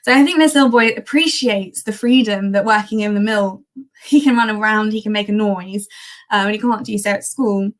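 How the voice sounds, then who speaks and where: A woman's voice: mid-range voice, fairly quick. A woman presenting a history talk on old newspaper archives in a chatty, enthusiastic way, with frequent ums and restarts. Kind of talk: live-streamed history talk.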